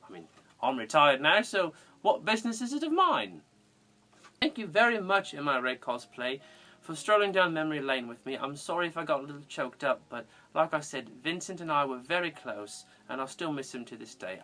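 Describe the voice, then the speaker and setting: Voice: mid-range voice, sing-song, fairly quick, sharp tone. A fan cosplayer playing an eccentric, giggling retired male undertaker from England, with a theatrical sing-song delivery and fond, whimsical manner. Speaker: fan cosplay answering viewer questions. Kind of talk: in-character fan parody video.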